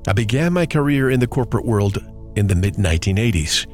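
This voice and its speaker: A male radio host from Puerto Rico speaks in a fairly low voice. His delivery is smooth and polished, like a practiced broadcaster. A faint music bed plays under him. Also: lively intonation, fast, a little mellow. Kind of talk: radio show intro and interview.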